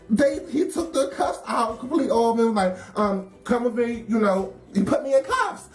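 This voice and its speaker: A woman telling a story in a casual, animated, wry way, laughing often. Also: fairly high pitch, moderate pace. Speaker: storyteller in a documentary. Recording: roomy echo with faint music.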